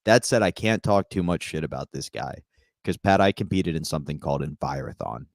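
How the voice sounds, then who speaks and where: Low voiced comedian guy, rambling story, dry close sound. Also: expressive, brisk, gravelly, no room sound. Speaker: stand-up comedian, podcast co-host. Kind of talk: casual comedy podcast banter.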